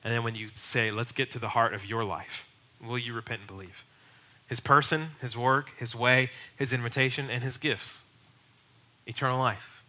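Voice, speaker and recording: Male pastor, very bright tone, earnest teaching, emphatic bursts. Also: mid-range voice. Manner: earnest, emphatic, builds to raised urgent bursts. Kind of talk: teaching on evangelism.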